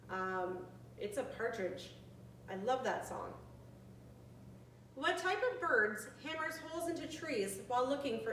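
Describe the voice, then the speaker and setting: A woman in her forties leading a bird trivia quiz for seniors, chatty and friendly, reading questions out slowly. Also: medium pitch, a bit bright, a little hiss or hum. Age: 40s. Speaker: activity leader. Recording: echoey room, from a distant mic.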